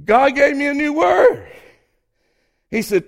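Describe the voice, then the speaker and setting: A Southern-accented man preaching with a notably high voice. His delivery is folksy and fervent. He drags out key phrases and lifts them to ringing peaks. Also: animated, slow pace, gravelly, long pauses. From Southern United States. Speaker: pastor. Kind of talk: sermon.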